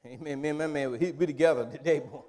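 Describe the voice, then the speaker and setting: A man preaching a sermon as pastor, in emphatic call-and-response style that builds to loud, drawn-out declarations. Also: fairly high pitch. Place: church sanctuary. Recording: long reverb of a church hall.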